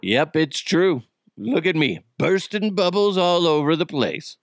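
A man hosting a podcast, telling a family story in a casual, animated way and swearing freely. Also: fairly high pitch, a little slow. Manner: animated, swears freely, acts out quoted voices. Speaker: podcast host.

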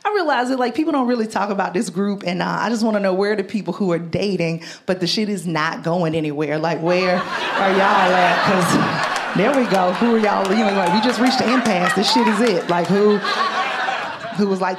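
Woman doing stand-up over a loud crowd. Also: mid-range voice, normal speed. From Southern United States. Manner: animated, loud bursts of punchlines. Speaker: stand-up comedian. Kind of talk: stand-up set. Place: comedy club stage. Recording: live club with loud crowd noise. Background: audience laughter and chatter.

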